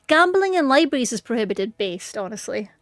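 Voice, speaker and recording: A woman's voice: on the high side, very animated, fairly quick, a bit bright, no room sound, clean studio sound, faint music behind. A woman chatting casually and rambling playfully on a game stream, giggling often. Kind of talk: casual gaming stream chat.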